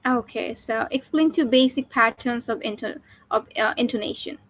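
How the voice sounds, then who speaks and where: A woman teacher giving instructions and questions in an oral exam, clear and guiding. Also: on the high side, normal speed, fairly bright tone, no echo. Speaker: teacher examining a student.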